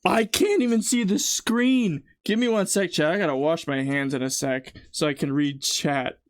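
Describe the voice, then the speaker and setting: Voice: medium pitch, normal speed, no room sound, clean studio sound. A live streamer chatting casually and rambling while cooking at home, teary-eyed from an onion and poking fun at themself. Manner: rambling, chatty, self-mocking. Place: home kitchen.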